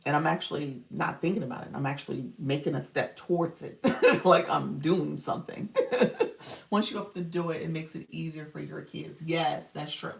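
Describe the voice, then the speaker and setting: Speaking fairly quickly in a deep, gravelly voice with fairly even intonation, a middle-aged woman coaches on a casual live stream, reading out viewer comments and laughing often. She's in a room at home where a child can be heard. The mic is far away, giving the audio a roomy, off-mic quality.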